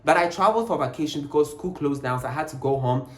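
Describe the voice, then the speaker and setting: A young man tells a storytime vlog. He is emphatic and animated, and he keeps firing rhetorical questions. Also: on the high side, quick pace. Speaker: vlogger. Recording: roomy echo, faint background noise.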